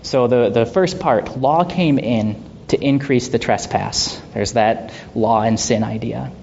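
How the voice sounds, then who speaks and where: A man leading a Bible study in a conversational way, asking rhetorical questions and laughing softly now and then. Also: takes it slowly, vocal fry. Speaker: Bible teacher. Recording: dull lo-fi sound with faint rumble.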